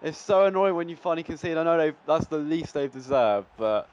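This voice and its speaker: Brief: young man, gaming commentary, smooth voice a touch high, slightly dull lo-fi mic, veers from groans to cracking cheers. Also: fairly quick. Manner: shouts and groans at the match, voice cracks when excited. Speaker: gaming YouTuber. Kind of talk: excitable live gameplay commentary.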